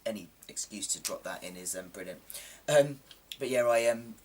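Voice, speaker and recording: A man's voice: on the low side, moderate pace, a little mellow, distant mic. A man in casual chat to camera, rambling and self-deprecating with plenty of ums, his voice a little coarse from a sore throat. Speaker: vlogger.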